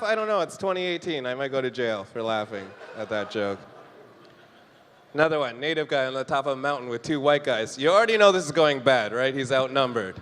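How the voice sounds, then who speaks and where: A man's voice: mid-range voice, animated, fairly quick, a bit bright, a little hiss or hum. Young man doing stand-up in a hall. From Canada. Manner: jokey, talks to the crowd, acts out quoted voices. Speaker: stand-up comedian. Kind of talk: stand-up comedy set. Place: comedy club stage. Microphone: handheld stage mic. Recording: live room with long reverb.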